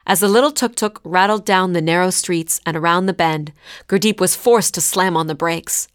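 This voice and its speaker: A woman narrating a scripted story in a clear, measured way. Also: on the low side, no room sound, studio quality.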